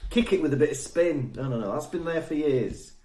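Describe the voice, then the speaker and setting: A man's voice: fairly high pitch, fairly quick, reverberant, a crowd in the background. A man co-hosting a podcast, chatting casually and laughing a lot. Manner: giggly, jokey, animated. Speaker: podcast co-host. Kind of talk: casual chat.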